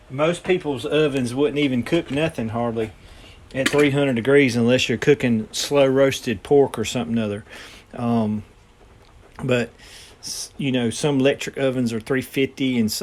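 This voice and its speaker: Guy in his kitchen, folksy and rambly, lots of ums, ordinary middle pitch. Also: fairly even intonation, normal speed. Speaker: home cooking channel host. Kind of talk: casual cooking demonstration. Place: home kitchen.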